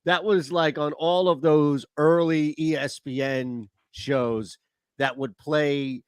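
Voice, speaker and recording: A man's voice: on the high side, fairly even intonation, slow pace, smooth, no echo. Chatty male sports radio host. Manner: chatty, laughing, rambling. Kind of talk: casual sports talk.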